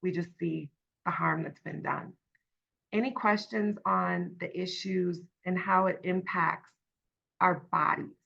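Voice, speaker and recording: Bright, gravelly woman leading a workshop. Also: lowish voice, fairly even intonation, takes it slowly, lo-fi sound. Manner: conversational, tag questions, many fillers. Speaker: workshop facilitator. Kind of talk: online workshop talk.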